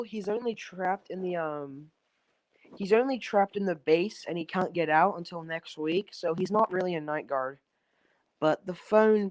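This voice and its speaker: A man's voice: high-pitched, a little mellow, poor audio. Rambling young man retelling fan lore. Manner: hesitant, full of restarts and "um"s, loose and swearing. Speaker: storyteller on a stream call. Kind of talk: rambling casual story retelling. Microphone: phone on an online call.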